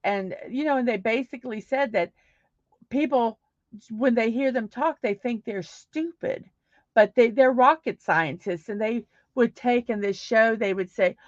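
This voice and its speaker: A woman's voice: a little high, dry recording. A woman hosting a casual livestream, chatting loosely and reading viewer comments, with lots of restarts. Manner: rambling, warm thanks, frequent restarts. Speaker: livestream host. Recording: dry, slightly dull livestream audio.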